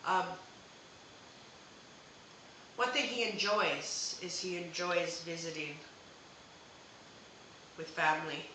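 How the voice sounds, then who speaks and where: A woman's voice: lowish voice, takes it slowly, pushed and bright, very echoey, slight background noise, rough recording. A woman hosting a live psychic reading, talking hesitantly with many fillers and restarts. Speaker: psychic medium host.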